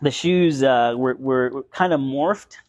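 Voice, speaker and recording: A man's voice: mid-range voice, measured pace, darkish tone. A young man from Florida telling a story in casual podcast chat, rambling and laughing often. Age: young adult.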